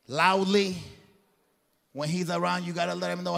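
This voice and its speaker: A man's voice: high voice, fairly even intonation, normal speed, vocal fry, long pauses, a bit bright. Earnest preacher-like man in echoing hall. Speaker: guest speaker. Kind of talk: motivational faith talk. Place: event hall before a crowd. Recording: long hall reverb.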